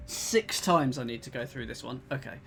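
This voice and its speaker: A man's voice: mid-range voice, moderate pace, vocal fry, fairly bright tone. A man hosting a casual let's-play, talking himself through each puzzle move in a muttering way. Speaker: game host. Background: background game music.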